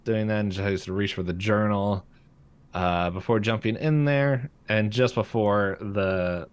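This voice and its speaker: A man's voice: fairly low pitch, measured pace, smooth. Man recapping a cartoon episode. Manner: rambling recap, frequent fillers and laughs. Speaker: podcast co-host. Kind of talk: casual episode recap chat. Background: passing freight train.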